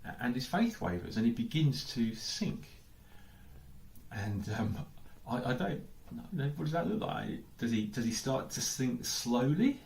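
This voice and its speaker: A man's voice: mid-range voice, sing-song, unhurried, gravelly, a little mellow, slight background noise. An English man giving a sermon as pastor, thinking aloud with lots of questions and repeated "I don't know"s. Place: church hall. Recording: echoey church hall.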